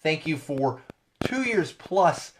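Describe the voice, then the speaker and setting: A middle-aged man hosting a casual solo podcast from a studio, rambling and correcting himself as he goes, his voice a bit worn and going hoarse. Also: fairly high pitch, very animated, takes it slowly, slight background noise. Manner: rambling, chatty, self-correcting asides. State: losing his voice. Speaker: podcast host.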